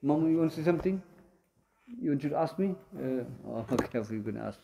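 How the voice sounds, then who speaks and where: A man's voice: fairly high pitch, animated, brisk, vocal fry, background noise. A man teaching a religious lesson in a mosque and answering students, explaining in short repeated phrases with many fillers. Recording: echoey room.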